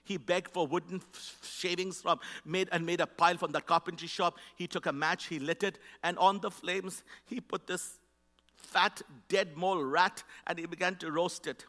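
This is a man from India sharing his personal story from a church platform. His voice sits high and sounds bright and ringing. He tells it with emphasis and urges the audience along, and the sound carries the long reverb of a big hall. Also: steady tone, normal speed. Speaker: charity vice president speaking to a church. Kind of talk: personal testimony in a church talk. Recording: echoey hall.

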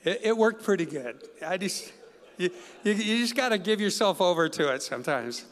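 Man, host introducing guests, high smooth voice, light jokes, echoey hall. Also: animated, moderate pace, fairly bright tone. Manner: light joking asides. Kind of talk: formal introduction. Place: large hall. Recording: hall reverb.

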